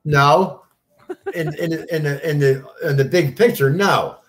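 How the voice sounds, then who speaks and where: A man's voice: fairly high pitch, unhurried. A man in his fifties, a former car salesman, chatting easily as an interview guest, swearing casually. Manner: easygoing, swears casually, laughs often.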